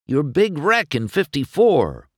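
A man's voice: on the high side, huge pitch swings, takes it slowly, breathy edge, no echo, clean studio sound, voice pushed up, full character voice. Brash young race car, voiced by a man. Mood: eager pleading. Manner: eager, insistent, pleading.

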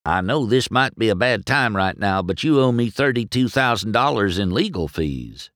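A man voicing a folksy, friendly male tow truck in a storybook reading, hushed. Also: lowish voice, animated, moderate pace, dry recording, clean studio sound, pitched above the performer's own voice. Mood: sly. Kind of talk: storybook character voice.

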